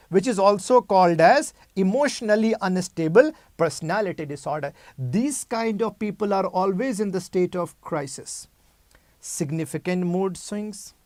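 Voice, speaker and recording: A man's voice: high-pitched, darkish tone, no room sound. Male med lecturer walking through a case, keeps repeating terms, asks the class questions, dry close sound. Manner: explains by repeating key terms and asking rhetorical questions. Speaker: medical exam lecturer. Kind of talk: clinical lecture.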